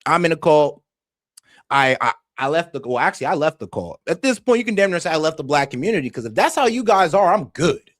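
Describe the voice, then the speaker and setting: A young man hosting a reaction stream, passionate and swearing, swinging between heated outbursts and calming down. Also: a little high, quick pace, no room sound, clean studio sound. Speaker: stream host reacting to videos. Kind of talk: heated casual commentary.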